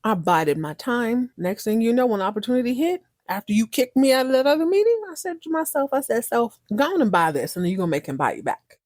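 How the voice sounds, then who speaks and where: A woman's voice: fairly high pitch, big pitch swings, quick pace, hardly any pauses, darkish tone, dry recording, clean studio sound. A woman voicing a bold businesswoman who taunts her rival in a smug, sassy way. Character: bold, breezy businesswoman cashing in on revenge.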